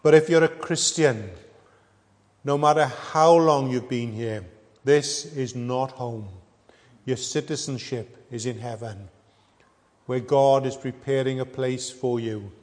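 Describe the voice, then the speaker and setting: A middle-aged man preaching a sermon, earnest and measured, pausing often with ums. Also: medium pitch, a little mellow. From Wales. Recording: echoey hall with long reverb.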